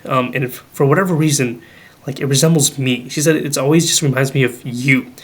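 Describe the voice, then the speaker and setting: A man's voice: medium pitch, fairly quick. Young guy telling a spooky family story, lots of likes and ums, voices the people in it. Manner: animated, acts out quoted dialogue; many fillers like "like" and "um". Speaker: podcast guest. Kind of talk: casual storytelling.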